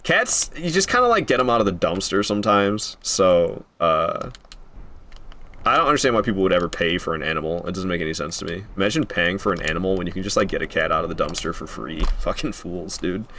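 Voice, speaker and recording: Over a little hiss or hum, a man with a low, sing-song, sharp-toned voice talks fairly quickly while streaming a game. His casual commentary wanders, and between fights it turns into profane rants.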